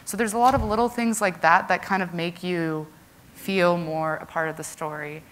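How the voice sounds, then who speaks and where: Presenting casually to a conference audience, a young woman chats along at normal speed, her speech packed with "like" and "um" fillers. Her fairly low voice has a fairly bright tone and rather even intonation, with a little hiss or hum in the background.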